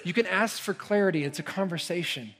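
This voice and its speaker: Male pastor, sermon, earnest and conversational, fairly high voice, hushed intensity. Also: a little fast, over music.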